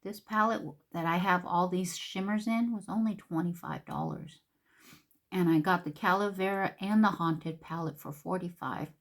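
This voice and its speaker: A woman chatting casually through a makeup tutorial, slipping into soft whispers now and then. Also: fairly low pitch, moderate pace. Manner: chatty, drops into whispers, repeats words. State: a little out of breath. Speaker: makeup vlogger.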